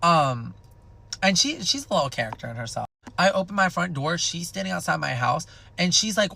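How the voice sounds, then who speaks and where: A young man telling a wild personal story in a casual, animated and heavily profane way. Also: a little high, a little fast, vocal fry, slight background noise. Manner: animated, profane, dramatic retelling.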